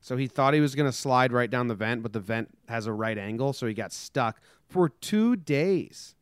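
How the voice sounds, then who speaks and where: A young man chats and jokes on a podcast, slipping into quick voices for the people in his stories. His voice is smooth and clear, recorded close and dry with no room sound. His pitch sits in an ordinary middle range. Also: animated, no room sound. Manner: jokey storyteller, acts out quoted people. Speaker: podcast co-host. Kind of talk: casual chat.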